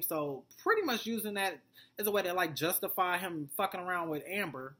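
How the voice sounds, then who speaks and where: A woman's voice: lowish voice, very animated, moderate pace, pushed and bright. A woman vlogger giving a blunt, profane, rambling recap of a TV episode. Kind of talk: casual TV recap commentary.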